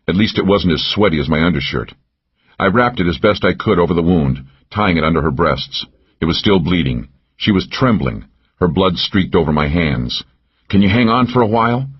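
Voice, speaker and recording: A man's voice: low voice, lively intonation, normal speed, slightly rough, lo-fi sound. A man narrating a first-person thriller audiobook, tense and driving in action scenes.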